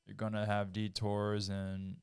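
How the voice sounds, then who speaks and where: A man who hosts a podcast and trains in martial arts, talking in casual chat in a calm, measured way. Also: fairly low pitch, vocal fry, smooth, dry recording, clean studio sound. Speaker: podcast host, martial artist.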